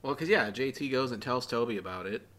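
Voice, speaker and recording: A woman's voice: rumbling low, lively intonation, fast talker, a bit bright. A woman co-hosting a casual recap podcast, wry and sarcastic, swearing freely. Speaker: podcast co-host.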